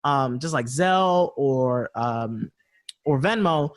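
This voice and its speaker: A man's voice: mid-range voice, expressive, takes it slowly. A man co-hosting a casual podcast chat, telling a story in loose slang and acting out both sides of a conversation. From United States. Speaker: podcast co-host.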